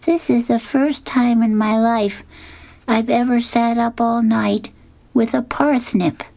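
A woman's voice: on the high side, fairly even intonation, takes it slowly, gravelly, warm tone, voice pushed up. A woman voicing a small, meek boy from a comic strip, with a plaintive delivery. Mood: rueful.

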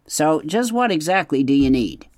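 A man voicing a stubborn, grumbling male beaver father who talks gruffly. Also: fairly high pitch, very animated, moderate pace, darkish tone, dry recording, clean studio sound, voice pushed up. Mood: grumpy. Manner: gruff, muttering, grudging.

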